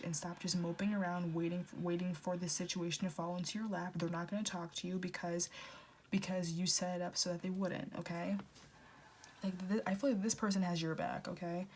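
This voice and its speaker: In her twenties, this tarot reader has a fairly low, darkish voice, with a little hiss or hum on the recording. She gives a blunt, rambling pick-a-card reading, restarting often, filling pauses, and swearing freely.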